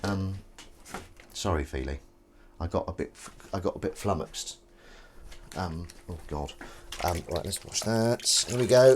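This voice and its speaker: A man with a low, breathy-edged voice hosts a livestream while washing up, speaking animatedly but a little slowly and pausing often. He's chatty and rambling, interrupting himself as dishes and cutlery clatter behind him.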